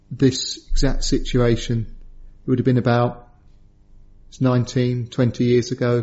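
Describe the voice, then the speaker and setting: A middle-aged man preaches a sermon, earnestly recounting a personal story and raising his voice high whenever he acts out quotes. The tone is darkish and the sound lo-fi.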